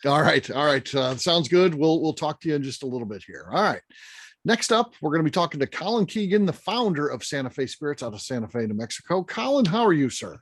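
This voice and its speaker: A man's voice: fairly high pitch, sing-song, fast, no echo, clean studio sound. A man hosting an online whiskey tasting, friendly and affirming. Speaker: host.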